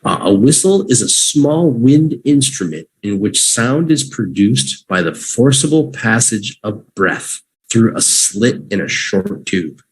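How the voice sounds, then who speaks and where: A man teaching English vocabulary on a livestream, repeating each word slowly for learners to say with him. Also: mid-range voice, lively intonation, husky. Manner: slow, drawn-out repetition for learners.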